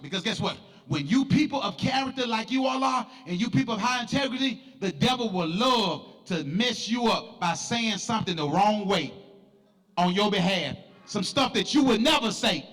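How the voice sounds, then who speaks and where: A middle-aged man, preaching an emphatic sermon as pastor and often shouting in a preaching cadence. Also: high-pitched, animated, moderate pace. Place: church sanctuary. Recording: long church reverb with faint music.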